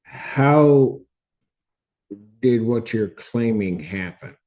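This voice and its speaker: A male judge questions a tenant slowly and firmly, often cutting her off. His voice is dark and mellow, and the courtroom audio sounds dull. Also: medium pitch, animated. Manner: slow, firm, interrupting questions.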